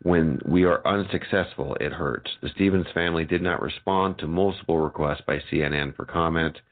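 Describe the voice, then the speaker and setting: A man reading a news story aloud, stumbling now and then with fillers and restarts. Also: low-pitched. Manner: reads haltingly with fillers and restarts. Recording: tinny phone-like audio.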